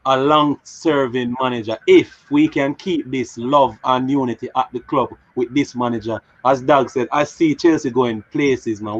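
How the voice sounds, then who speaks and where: A hoarse man on a fan panel, talking fast and breathlessly in an excited match reaction. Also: mid-range voice. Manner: rapid, breathless, hoarse from shouting. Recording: dull lo-fi audio.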